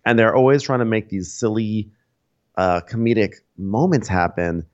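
A man's voice: fairly low pitch, normal speed, lo-fi sound. Man co-hosting a chatty recap podcast. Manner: animated, acts out quoted people in raised voices. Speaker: podcast co-host. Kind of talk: casual chat, recapping a reality show.

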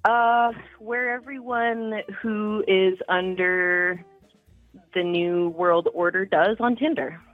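A woman's voice: medium pitch, takes it slowly, dry recording, faint music behind. A young woman with a Canadian accent calls in over a tinny, phone-like line. She talks candidly and chattily, and the sound is dry. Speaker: caller. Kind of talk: casual phone-in chat.

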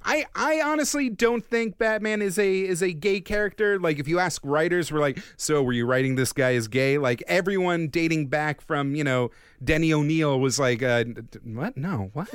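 A man co-hosting a podcast in casual chat, animated, with quick asides and frequent laughs. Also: fairly high pitch, clear, resonant tone, no room sound, studio quality. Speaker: podcast co-host.

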